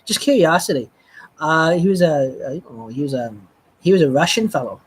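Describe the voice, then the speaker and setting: A live streamer telling a personal story in a rambling, halting way, with frequent restarts and blunt swearing. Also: mid-range voice, lively intonation, husky.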